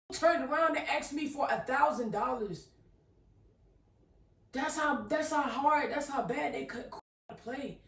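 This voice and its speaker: Young female co-host from South Carolina, heated profane rant, distant echoey recording. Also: high voice. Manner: heated, profane, animated ranting. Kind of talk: casual chat. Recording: echoey room, off-mic.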